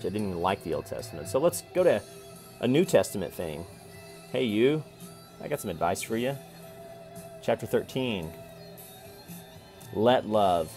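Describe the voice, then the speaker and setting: A man in his forties giving a casual Bible reflection to camera, chatty and repetitive, with sudden loud playful callouts. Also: fairly low pitch. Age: 40s. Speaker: vlogger reading and reflecting on scripture.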